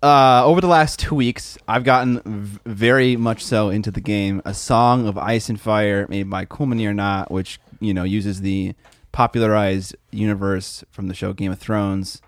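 A man's voice: lowish voice, steady tone, moderate pace, no room sound. Joking man co-hosting a podcast. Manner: laid-back, joking, swears casually. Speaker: podcast co-host. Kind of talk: casual podcast banter. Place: home basement.

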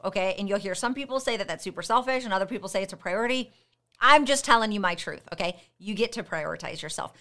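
A woman hosts a motivational podcast with a bright, forceful voice. She speaks straight to her listeners, firing off rhetorical questions in a direct, conversational coaching manner. Her pitch sits in the ordinary middle range for a woman.

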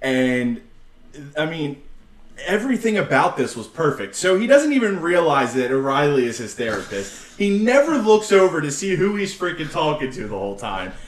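A man co-hosting a casual podcast, recapping a segment with animated, excitable storytelling. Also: on the high side, normal speed. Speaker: podcast co-host. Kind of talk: casual wrestling podcast chat. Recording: echoey room, distant mic.

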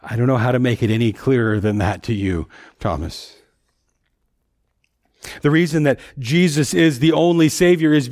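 A man delivering a sermon in a relaxed, conversational manner, his voice sitting a little high. He often repeats and restarts words as he works through his thoughts. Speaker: preacher.

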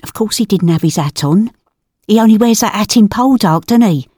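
A woman's voice: mid-range voice, expressive, normal speed, warm tone, dry recording, clean studio sound, lightly acted. A woman playing a nosy, celebrity-obsessed older mum, talking in a brassy, defensive way in a scripted comedy sketch. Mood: proud. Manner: brassy, defensive, casual slang. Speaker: comedy podcast character.

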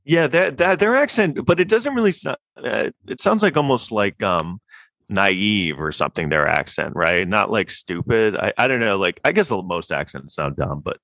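A man's voice: lowish voice, expressive, moderate pace, fairly bright tone, no room sound. A man in casual podcast chat, rambling and opinionated, with lots of fillers and restarts.

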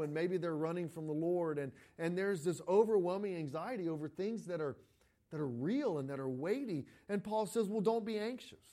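High-voiced pastor preaching conversationally. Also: male voice. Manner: conversational preaching with frequent repeated starts; animated storytelling, breaking into quoted voices. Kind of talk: sermon.

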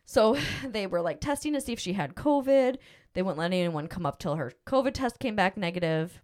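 A woman's voice: medium pitch, lively intonation, fairly quick, a little mellow. A middle-aged woman hosting a podcast, telling a personal story in a rambling, emotional way with lots of fillers. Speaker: podcast host. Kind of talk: casual storytelling chat.

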